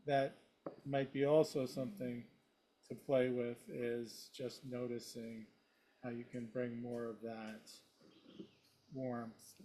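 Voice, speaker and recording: A man's voice: medium pitch, flat delivery, takes it slowly, long pauses, warm tone. A man in an online class who gives a classmate feedback, hesitating and searching for his words. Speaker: class participant.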